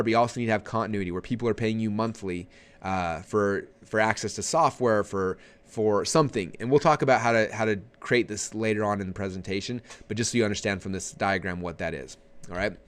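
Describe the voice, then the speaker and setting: A man presents a marketing webinar in a rapid, energetic and conversational way. His voice sits on the low side, and he keeps checking in with his listeners as he goes. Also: clear, resonant tone.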